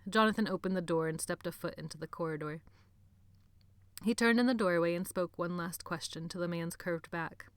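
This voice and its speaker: A woman reading a novel aloud as narrator, at a slow, measured pace. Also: on the low side, smooth, dry recording. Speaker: audiobook narrator. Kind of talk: scripted narration.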